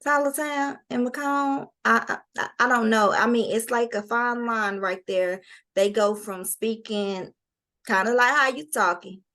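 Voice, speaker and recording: A woman's voice: fairly high pitch, a little slow, bright, forceful tone. A woman from North Carolina with a Southern accent, hosting a casual interview in a playful, folksy way. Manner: playful, folksy, calls people girl and honey. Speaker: host.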